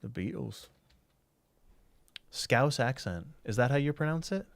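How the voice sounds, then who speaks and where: A man's voice: medium pitch, expressive, measured pace, gravelly, dry recording. A man streaming a game, chatting casually and thinking aloud while he answers chat.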